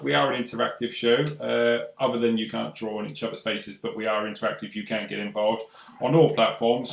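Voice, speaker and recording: A man's voice: medium pitch, gravelly, a bit bright. A man hosting a live show over a video call, upbeat and inviting the audience to join in. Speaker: host. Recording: roomy echo.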